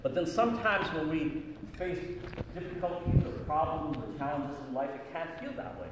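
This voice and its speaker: Jokey middle-aged pastor in an echoey hall. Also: male voice, a little high, normal speed. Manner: jokey, animated storyteller. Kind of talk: storytelling talk to children. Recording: echoey hall from far off, background noise.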